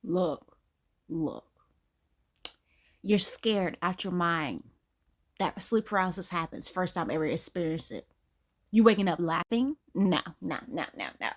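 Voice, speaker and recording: A woman with a Southern US accent hosting a casual reaction video, joking and talking animatedly with big jumps in pitch. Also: a little slow, long pauses. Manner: animated, jokey, big pitch jumps, says "girl, bye". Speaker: reaction channel host.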